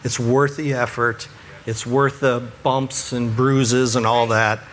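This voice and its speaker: Guy who works with churches talking faith advice, earnest and easygoing, pokes fun at himself, average pitch, a bit of faint noise behind. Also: flat delivery, slow, a bit bright. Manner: earnest, self-deprecating, chuckles at his own stories. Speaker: church ministry worker.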